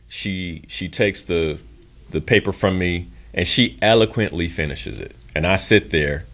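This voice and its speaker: A man's voice: low-pitched, fairly bright tone. A young adult man hosting a show, telling a story from his career as an emphatic motivational monologue and acting out the voices of people in it. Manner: earnest, emphatic, acts out quotes in his story. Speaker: podcast host.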